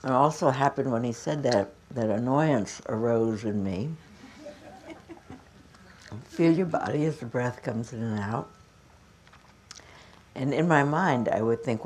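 A woman meditation teacher giving a dharma talk, telling a humorous story about herself while calmly cueing stretches. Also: very deep voice, unhurried, long pauses, slight background noise. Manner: humorous self-mocking storytelling mixed with calm movement cues.

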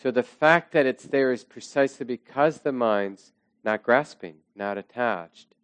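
Guy giving a dharma talk to a class, slow and thoughtful, dry room. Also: medium pitch, clear, resonant tone, dry recording. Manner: slow, reflective, soft trailing phrases. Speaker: meditation teacher.

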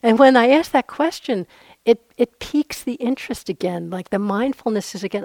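A woman's voice: a little high, lively intonation, moderate pace, a little mellow, dry recording. A woman meditation teacher giving a dharma talk on retreat, conversational and earnest, with frequent asides.

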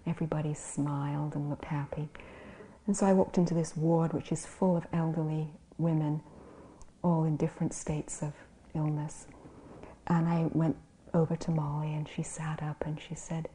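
A woman who is a physician and meditation teacher, giving a gentle dharma talk and often dropping to a near whisper. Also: deep voice, level tone, normal speed, slight background noise.

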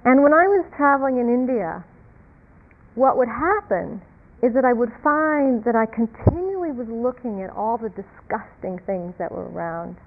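A woman meditation teacher giving a reflective dharma talk, halting and repeating words, with soft laughs. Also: fairly high pitch, lively intonation. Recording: tinny phone-like lo-fi sound.

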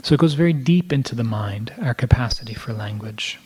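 A man teaching meditation, giving a reflective talk to people in a room, often restarting his phrases and dropping into soft asides. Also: medium pitch, lively intonation, fairly quick, husky. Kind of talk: dharma talk to a live audience. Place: room with a live audience.

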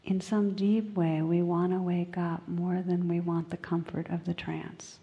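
A woman meditation teacher giving a dharma talk, gentle and unhurried and often dropping to a whisper, recorded in a large meditation hall. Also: lowish voice, level tone, highs cut off.

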